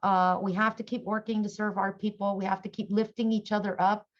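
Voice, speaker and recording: A middle-aged woman speaking as a conference panelist, earnest and halting with many fillers. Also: mid-range voice, flat delivery, dull audio. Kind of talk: conference presentation.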